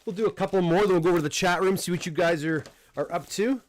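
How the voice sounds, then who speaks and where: A middle-aged Canadian man hosting a casual livestream unboxing, talking in a relaxed, rambling way with frequent restarts and fillers. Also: sits high, quick pace, no echo. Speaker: comic book dealer and host. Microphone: desk microphone close up.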